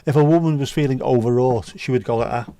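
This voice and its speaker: A man's voice: mid-range voice, quick pace, warm tone, no echo. A man hosting a livestream, reading viewer comments aloud with sweary, jokey banter. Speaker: livestream host. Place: indoors.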